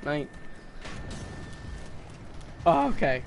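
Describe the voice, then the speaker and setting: A man's voice: on the high side, normal speed, pauses often, noisy background. A young man streaming a video game, joking and melodramatic, laughing often. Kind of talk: casual gaming stream banter. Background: game music.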